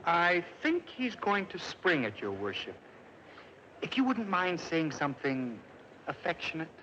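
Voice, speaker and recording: An actor playing a meek, gentle man who loves animals, talking softly and humbly politely, in a 1950s film. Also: on the high side, big pitch swings, measured pace. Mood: gentle coaxing. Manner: soft, coaxing, humbly polite. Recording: dull, hissy 1950s film soundtrack.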